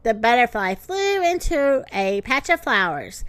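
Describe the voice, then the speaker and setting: Woman, children's story podcast host, high lively voice, slow storybook reading. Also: no echo. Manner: lively, expressive read-aloud with sing-song voices for animals.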